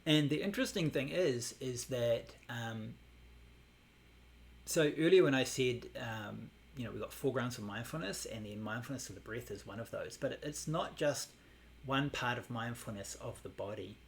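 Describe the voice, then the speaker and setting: A man teaching a Buddhist meditation class, explaining in a relaxed way with many fillers. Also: medium pitch, moderate pace, gravelly, slight background noise.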